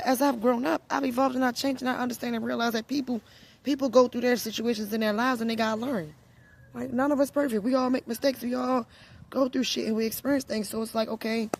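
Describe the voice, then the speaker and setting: A woman's voice: medium pitch, a little hiss or hum. A young adult woman vlogging about spiritual healing, candid and slangy, repeating phrases as she thinks aloud. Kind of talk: reflective personal storytelling.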